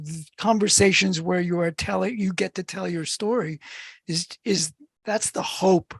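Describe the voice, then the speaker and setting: A woman's voice: mid-range voice, vocal fry, husky, dry recording, studio quality. A woman hosting a podcast interview, asking earnest, thoughtful questions in casual chat. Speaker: podcast host.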